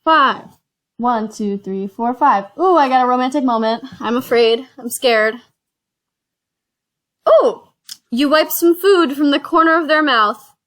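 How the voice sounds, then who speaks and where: A woman's voice: high-pitched, moderate pace, a bit bright. A woman hosting a casual board game play-through, reading cards and counting spaces aloud with chatty asides. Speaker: host.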